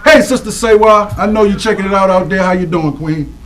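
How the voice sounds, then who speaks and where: A man honoring community women in lively, preacherly shout-outs to an audience, drawing out names and calling for responses. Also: sits high, poor audio. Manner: preacherly call-and-response, animated, drawn-out names.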